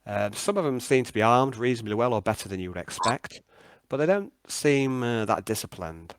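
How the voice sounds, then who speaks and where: A man's voice: medium pitch, lively intonation, a little fast, clear, resonant tone, no echo. A man, running a tabletop game as game master and narrating with hesitant starts. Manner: hesitant, many ums and restarts.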